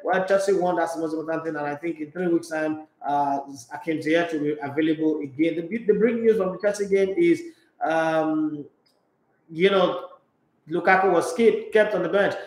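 A man with a Nigerian accent hosting a sports talk show, excitable and laughing, slipping into pidgin. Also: a little high, moderate pace, roomy sound, low-quality recording. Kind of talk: animated sports talk monologue.

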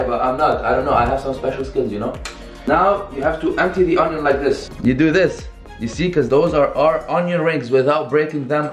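A young man talks casually through a recipe, upbeat and chatty as he works, with a fairly high voice. He is recorded in a home kitchen on a camera someone else holds, with a roomy echo. Clear background music plays under him. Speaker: cooking vlogger. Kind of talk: casual cooking tutorial. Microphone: camera held by another person. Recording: echoey room with music behind.

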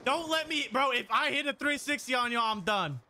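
A young man streaming a shooter game live, talking to his chat in excitable, profane trash talk. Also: very high voice, fairly quick. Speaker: gaming streamer. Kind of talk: live-stream gameplay commentary.

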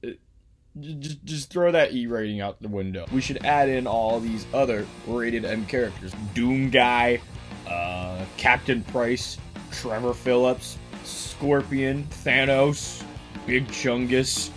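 A man's voice: medium pitch, slow pace, faint music behind. Rambling man ranting for laughs. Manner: rambling, with sudden loud outbursts. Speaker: video host. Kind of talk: casual comedic rant.

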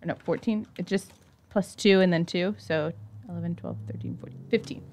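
A woman's voice: on the low side, a little fast, darkish tone. Hesitant woman playing a tabletop game. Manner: hesitant, with frequent ums. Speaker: player. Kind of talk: casual tabletop game play.

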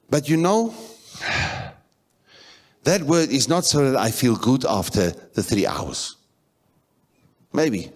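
A middle-aged man preaching in a church, talking conversationally and repeating phrases, with animated bursts. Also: fairly low pitch. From South Africa. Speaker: pastor. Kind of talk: sermon.

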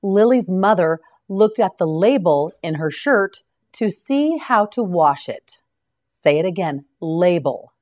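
A woman teaching English vocabulary in a slow scripted lesson, patiently repeating each word for the listener to echo. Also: fairly low pitch, a little mellow.

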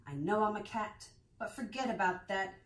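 A woman voicing an excitable little boy kitten who plays at being a chihuahua, with a high, squeaky, eager voice. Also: moderate pace, lightly acted. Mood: playful. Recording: roomy sound from a distance.

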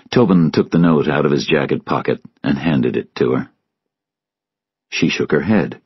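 A man narrating a story for English learners in a measured, clear way. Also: very deep voice, dry recording, highs cut off. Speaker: audiobook narrator.

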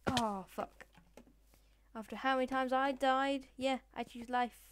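A woman's voice: fairly high pitch, level tone, moderate pace, slight background noise. A woman giving casual Minecraft gameplay commentary, chatting to the mobs and villagers and swearing playfully as she goes. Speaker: Minecraft let's player.

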